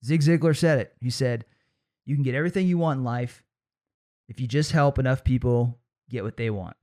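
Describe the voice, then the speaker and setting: A man's voice: medium pitch, fairly quick, dark tone. A young man hosting a motivational podcast, telling stories in a casual way, laughing often and acting out what his family said. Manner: acts out quoted voices of family. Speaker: podcast host.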